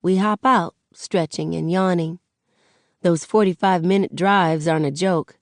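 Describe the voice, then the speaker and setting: A woman narrating an audiobook in the first person, with relaxed, conversational storytelling. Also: fairly low pitch, unhurried, no echo, studio quality.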